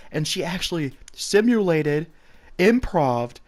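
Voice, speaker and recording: A man's voice: a little high, big pitch swings, slow pace. A young man casually telling a personal story, rambling with many restarts and some swearing.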